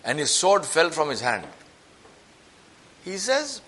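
A man preaching a sermon as a story, acting out the people in it with lively shifts of voice. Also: slow. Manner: animated, acts out quoted voices with rising pitch.

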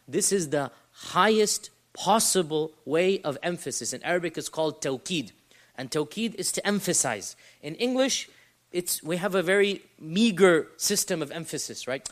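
A man giving a Quran lesson, explaining Arabic terms in a lively way with frequent rhetorical questions. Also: sits high, normal speed. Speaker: Islamic teacher.

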